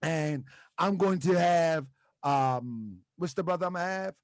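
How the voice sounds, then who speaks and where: A middle-aged man hosting an online talk show in a relaxed, rambling way, pausing often with "um" and "uh". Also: on the high side, no echo. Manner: relaxed and rambling, many "um" and "uh" pauses, laughs easily. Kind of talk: casual livestream chat.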